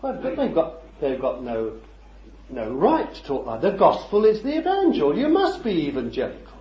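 A man's voice: fairly high pitch, wildly swooping pitch, moderate pace. A man preaching a sermon, talking conversationally and peppering it with rhetorical questions and chuckles. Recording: roomy, dull lo-fi recording.

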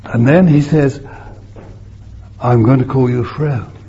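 An older man preaching a sermon, swinging between loud emphatic bursts and soft hushed asides, on a muffled old recording with faint hiss. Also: medium pitch, fairly even intonation, takes it slowly.

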